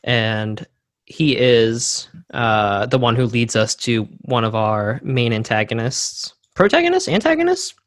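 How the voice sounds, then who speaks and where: A man's voice: on the low side, level tone, slow, fairly bright tone, no echo, studio quality. A man co-hosting a book podcast, talking casually and thoughtfully. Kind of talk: casual chat.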